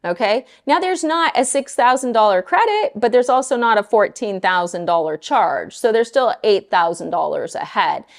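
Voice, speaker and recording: A middle-aged woman mortgage lender talking casually to her viewers, blunt and animated, often exasperated. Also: medium pitch, moderate pace, few pauses.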